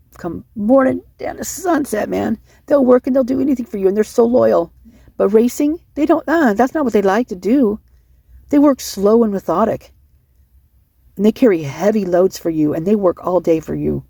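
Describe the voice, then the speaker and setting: A woman's voice: medium pitch, gravelly, dark tone, slightly rough, no echo, studio quality. A middle-aged woman giving rambling, emotional casual commentary, sleep-deprived and often restarting her sentences. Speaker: online commentator.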